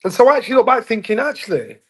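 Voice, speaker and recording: A man in his fifties, a former boxing champion from England, telling stories casually as an interview guest and acting out the voices in them. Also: moderate pace. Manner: animated, acts out voices in anecdotes with rising pitch. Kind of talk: casual storytelling in a sit-down interview.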